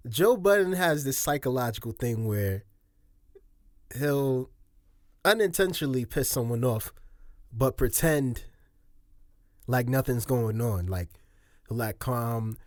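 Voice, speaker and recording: A man's voice: medium pitch, expressive, a little slow, long pauses, dry recording, studio quality. A man giving casual video commentary, chatty, laughing often, with slangy asides.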